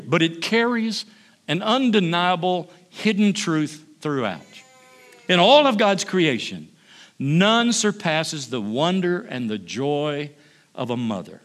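A male pastor giving a sermon, lively when he tells stories and hushed and slow when he prays. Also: fairly high pitch.

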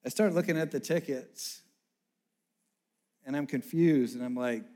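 A man telling a personal story in a sermon, animated and acting out the people he met. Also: mid-range voice, unhurried.

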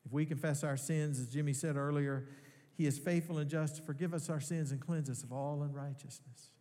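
Pastor preaching in a reverberant hall. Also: male voice, fairly high pitch, steady tone, warm tone. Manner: earnest preaching with rising emphasis and slow pauses. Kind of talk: sermon. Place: large church hall.

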